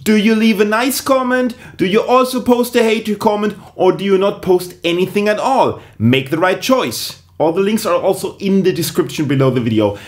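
A man's voice: sits high, moderate pace, hardly any pauses. A man, a comedian giving a dry, sarcastic vlog to the camera.

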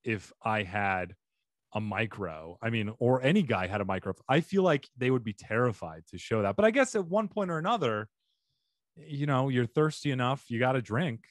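Podcast host guy, deep radio voice, super expressive pitch, dry close mic, jokey. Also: normal speed, dry recording. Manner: self-deprecating, jokey. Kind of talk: casual comedy chat.

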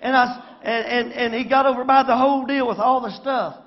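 A man's voice: very high-pitched, steady tone, brisk, dull audio. A man with a Southern accent preaching a folksy sermon in church, often asking the congregation for an amen. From Arkansas. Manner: folksy, calls for amens. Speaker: pastor. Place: church sanctuary.

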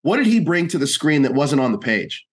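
A man's voice: fairly high pitch, very animated, fairly quick. A man interviewing a director about a film, speaking with enthusiasm. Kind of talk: entertainment interview.

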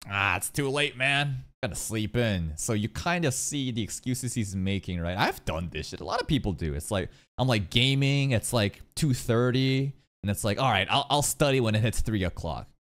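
A man's voice: mid-range voice, expressive, moderate pace, few pauses, a bit bright. A man giving casual, profane, joking commentary as he reacts to an anime episode.

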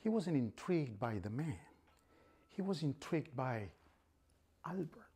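A man's voice: mid-range voice, very animated, measured pace, slightly rough. Whispery dramatic male storyteller. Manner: hushed, dramatic, often whispering.

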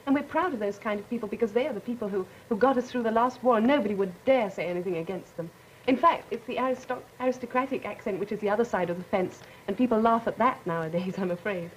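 A woman's voice: mid-range voice, fast, a little hiss or hum, low-quality recording. A young woman from England with a cultured English accent, speaking fluently and articulately as a student panelist, lightly self-mocking. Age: late teens.

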